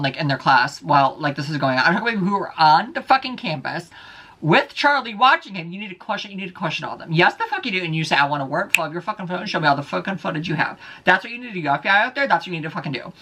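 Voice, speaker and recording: A man's voice: sits high, pushed and bright. A man vlogging alone, ranting heatedly with heavy profanity and repeating his points. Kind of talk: casual solo vlog rant.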